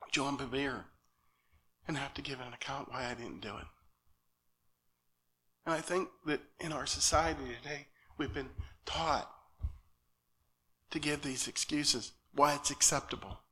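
A nervous man speaking as a lay preacher at a church, earnest and halting, often checking in with "okay?". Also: fairly high pitch, gravelly, pushed and bright. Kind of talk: sermon. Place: church sanctuary.

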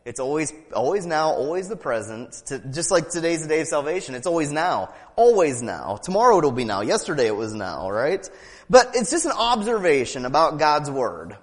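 A man preaching a sermon with fervent emphasis, repeating key phrases, asking rhetorical questions and slipping in quick laughing asides. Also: fairly high pitch, sing-song, long reverb tail. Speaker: pastor.

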